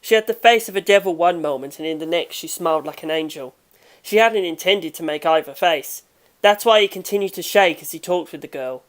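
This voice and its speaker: A woman narrating a fan audiobook in a steady, measured reading. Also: on the low side.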